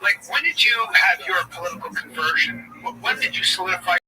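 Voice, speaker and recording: A man's voice: high voice, animated, fairly quick. A man chatting as a guest, hesitant and agreeable, asking questions. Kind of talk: casual chat. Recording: distant mic with noisy ambience.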